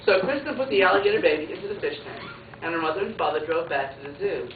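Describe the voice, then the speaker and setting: A woman pre-K teacher reading a picture book aloud to children, an animated storyteller who adds playful asides and moves between loud sound effects and soft narration. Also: lowish voice, quick pace. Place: classroom. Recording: tinny, echoey classroom from far off. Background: loud classroom noise.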